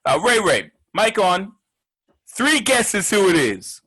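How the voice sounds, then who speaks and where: An actor playing a brash, foul-mouthed male sports show host who rants loudly and mocks his targets in a comedic sports segment. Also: sits high, big pitch swings, takes it slowly, slightly rough, full character voice. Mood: ranting. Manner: loud, ranting, profane, mocking.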